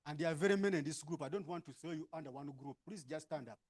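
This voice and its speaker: His voice a little high and a little mellow, a man with a Ugandan English accent briskly directs workshop participants into groups, frequently using tag questions.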